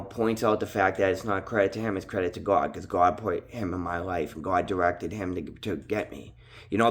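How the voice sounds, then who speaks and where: A man's voice: lowish voice, fairly bright tone. A man with a strong Boston accent, talking straight to camera in a rambling, casual monologue full of "bro" and "dude". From Massachusetts. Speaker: vlogger.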